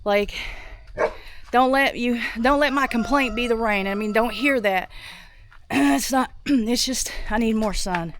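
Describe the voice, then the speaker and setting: A woman vlogging outdoors on her farm while doing chores, sick and a little out of breath, thinking out loud with many restarts. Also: fairly high pitch, measured pace, slight background noise. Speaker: homestead vlogger.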